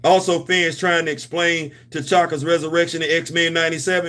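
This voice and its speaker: A man's voice: fairly high pitch, level tone, moderate pace, bright, forceful tone. A man hosting a comics and culture channel, talking in a loose, playful, repetitive way with slang. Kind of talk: casual livestream chat.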